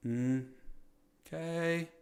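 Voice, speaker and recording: A man's voice: on the high side, drawn-out words, a little mellow. A man from the United States, casually commenting on his game and chatting with viewers as a streamer. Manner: chatty, talks to chat, joking asides.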